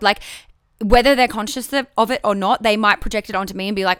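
A woman with a fairly high voice, very bright and crisp, talks frankly on her own podcast. She curses casually and often restarts her sentences as she works through her thoughts. The sound is close and dry. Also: quick pace, no room sound. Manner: candid, frank and swearing, with many restarts. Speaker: podcast host. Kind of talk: casual solo podcast talk.

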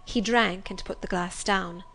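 A woman reads a story aloud in a measured, expressive way. Her voice sits at an ordinary middle pitch, with a faint hiss of noise underneath. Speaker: audiobook reader. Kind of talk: scripted narration.

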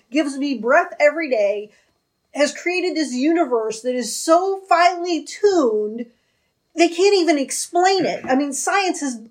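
A woman with a high voice talks earnestly through a casual conversation about faith and scripture. She slows down to lean on the points she cares about. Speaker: panelist in a faith discussion. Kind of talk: casual religious discussion.

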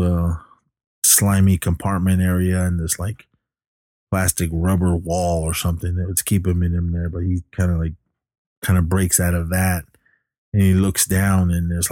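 A man's voice: low-pitched, dark tone, dry recording, clean studio sound. A man casually retelling a film's plot, rambling with lots of fillers and restarts. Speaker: film recapper. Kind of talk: casual movie plot recap.

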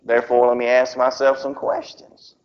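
A man preaching a sermon. He reads scripture slowly and swings between loud, raised emphasis and low, quiet drops. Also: monotone. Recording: dull lo-fi sound.

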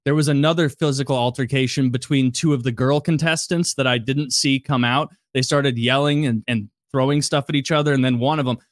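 A man telling a story in casual podcast chat, animated and profane, laughing as he goes. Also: medium pitch, a little fast, hardly any pauses, no room sound, clean studio sound. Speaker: podcast host.

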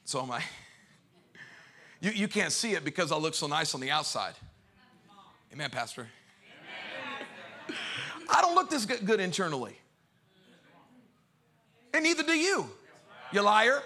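A man preaching a sermon to a church crowd, moving from hushed storytelling to shouted, sing-song calls. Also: sits high, very animated, unhurried, long pauses. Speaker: pastor. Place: church sanctuary.

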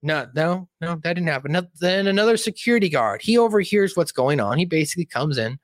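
A man casually recapping a film's plot out loud in a rambling, profane, animated way, seated indoors. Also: on the high side, quick pace, dry recording, clean studio sound. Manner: animated, rambling, profane storytelling with many asides. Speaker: movie recap commentator. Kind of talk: casual spoken film recap.

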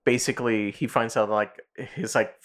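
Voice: medium pitch, steady tone. Rambling casual podcast co-host. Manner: rambling retelling of cartoon episodes, swearing, with quick put-on voices. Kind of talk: casual chat.

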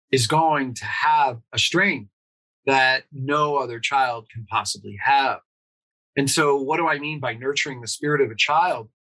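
A man's voice: medium pitch, sharp tone, low-quality recording. A man, a pediatrician guest on an interview, explaining earnestly and asking rhetorical questions.

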